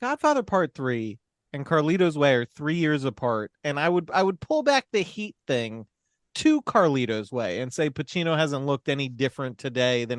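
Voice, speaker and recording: Animated man on a film podcast. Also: medium pitch, dry recording, clean studio sound. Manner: emphatic, swearing, laughing recaps. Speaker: podcast co-host. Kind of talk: casual film podcast banter.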